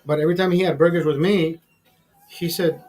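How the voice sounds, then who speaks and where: High-voiced man in his fifties, swearing. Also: fairly even intonation, brisk, a little mellow, faint music behind. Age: 50s. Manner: rambling, repeats words, swears freely. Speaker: show host. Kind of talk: casual profane storytelling. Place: streaming studio.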